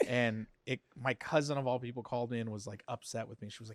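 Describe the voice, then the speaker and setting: A man's voice: mid-range voice, fairly even intonation, fast talker, dry recording, studio quality. A man, a stand-up comedian guest, chatting casually and animatedly, laughing and acting out what people said.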